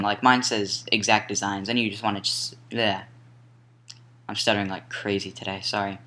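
A young man casually talking through a software tutorial step by step, now and then apologizing and correcting himself. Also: on the low side, a little hiss or hum. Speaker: tutorial maker. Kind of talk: screen-recorded software tutorial. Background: mouse clicks and typing.

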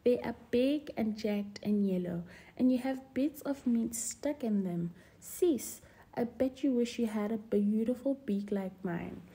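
A woman's voice: on the high side, measured pace, warm tone. A woman voicing a boastful, mean little male weaver bird in a storybook reading, showy and taunting.

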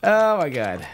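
Excitable, bright-voiced man gaming. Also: high voice, slight background noise. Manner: excitable, self-mocking, laughs often. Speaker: gameplay streamer. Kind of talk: live gameplay commentary.

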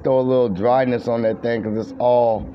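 A man's voice: medium pitch, steady tone, normal speed, slight background noise. Man filming and mock-announcing, muffled. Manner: joking, addresses "ladies and gentlemen". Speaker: filming narrator.

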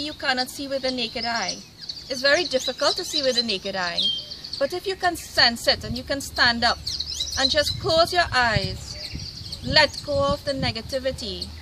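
A high-pitched woman gives an earnest spiritual address outdoors at a cremation ground. She pleads and repeats her words. Loud background noise and birdsong run under her voice. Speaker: spiritual medium.

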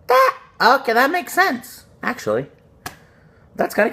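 A young man talking casually as he unboxes trading cards on a phone recording, excitable, swearing often and tossing out jokey asides. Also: on the high side, a little slow. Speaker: card unboxing vlogger.

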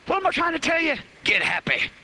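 Man preaching revival style, high voice swinging all over, fiery, dragging out the big words. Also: big pitch swings, fast, pushed and bright, rough recording. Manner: fiery and emphatic, stretching key words. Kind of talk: revival sermon. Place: live church meeting.

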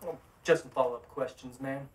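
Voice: mid-range voice, fairly even intonation, brisk, a little hiss or hum, natural voice. An actor playing Roo, a wisecracking undead cemetery night watchman, in a horror-comedy short film. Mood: wry.

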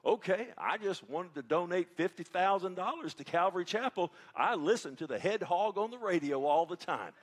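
A man's voice: high-pitched, expressive, moderate pace, hardly any pauses, breathy edge, pitched above the performer's own voice. A man putting on a wealthy countrified Texan caller with a folksy drawl and a Texan accent. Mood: cheerful.

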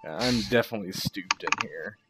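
A man playing a tabletop game, calmly describing his character's actions. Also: low-pitched, a little fast, loud music behind the voice. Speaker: player.

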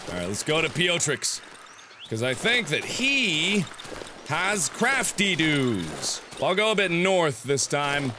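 Male let's-play host, twenties, high and lively voice, jumpy, yelps at scares, noisy game audio underneath. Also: measured pace. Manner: jumpy, yelps and shouts when startled, talks to the game. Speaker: gameplay commentator.

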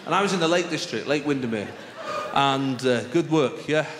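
A man's voice: mid-range voice, normal speed. A man with a northern English accent, doing a chatty stand-up comedy routine on a theatre stage. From northern England. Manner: chatty, conversational, frequent "right?" asides. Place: theatre stage with live audience. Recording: roomy live theatre recording with audience noise.

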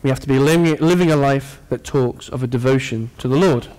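A man preaching a sermon to his congregation, earnest and warm in tone, with playful asides to the people in front of him. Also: mid-range voice, a little fast.

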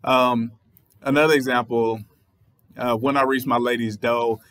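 A man's voice: mid-range voice, little pitch movement, a little slow, fairly bright tone, no room sound. A man with a Southern US accent, a writer and channel host, explaining a poem in a thoughtful way and spelling words out letter by letter. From Southern United States. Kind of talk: poetry reading with commentary.

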